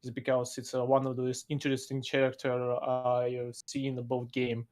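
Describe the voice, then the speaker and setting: A man speaks English at a medium pitch. His sentences come out in halting pieces, full of pauses and loose grammar. He sounds like a casual guest on a chat show. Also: monotone, darkish tone. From Russia. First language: Russian. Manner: halting, broken phrasing with frequent pauses. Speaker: podcast guest.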